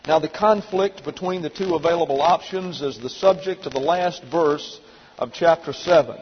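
A man's voice: on the high side, normal speed. A man teaching a verse-by-verse Bible lesson, methodically spelling out Greek words letter by letter. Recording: dull lo-fi recording in a reverberant hall with faint noise.

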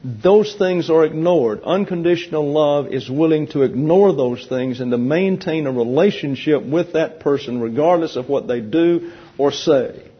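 Husky guy teaching bible class, kinda high voice, jokes around, dull lo-fi sound. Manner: teasing, conversational, explains slowly. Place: church classroom with an audience. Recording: dull lo-fi recording.

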